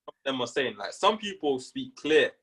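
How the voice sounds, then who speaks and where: A young man co-hosting a casual podcast chat, teasing and joking with loud laughs. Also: mid-range voice, very animated, moderate pace, breathy edge. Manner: teasing, jokey, laughs loudly. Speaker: podcast co-host.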